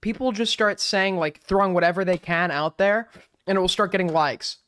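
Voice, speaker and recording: A man's voice: high voice, normal speed, fairly bright tone, clean tone. A man live-streaming casual commentary as he reacts to videos, blunt and sarcastic, swearing freely.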